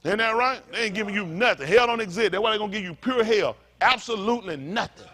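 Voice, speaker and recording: A man's voice: high voice, fast talker, sharp tone. A male pastor preaching a fiery, blunt sermon, full of profanity and call-and-response asides.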